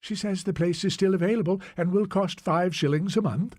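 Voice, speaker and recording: A man's voice: high-pitched, fairly quick, darkish tone, no room sound, studio quality, pitched above the performer's own voice. A man doing a young Scottish mother. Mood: hurried.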